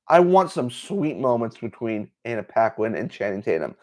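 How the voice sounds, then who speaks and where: A man hosting a livestream. He chats casually and excitably, with many fillers. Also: medium pitch, moderate pace, hardly any pauses. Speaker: host.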